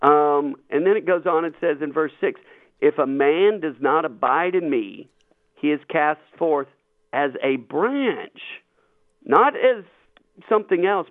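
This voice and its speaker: A man's voice: a little high, no room sound. Emphatic man teaching scripture on radio. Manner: animated, emphatic Bible teaching. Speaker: radio host. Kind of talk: Catholic radio talk, Bible discussion. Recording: tinny phone-like line, dry.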